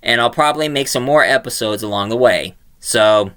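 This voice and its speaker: A man's voice: mid-range voice, normal speed, fairly bright tone, clean tone. A man who makes audio dramas, talking in a casual, rambling way with frequent fillers and restarts. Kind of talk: casual vlog talk.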